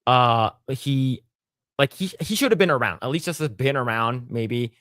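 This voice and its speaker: A man hosting a casual podcast chat at a mid pitch. He rambles through thoughts with frequent fillers and restarts, and the sound is dry and close. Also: expressive, normal speed, a bit bright, dry recording. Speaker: podcast host.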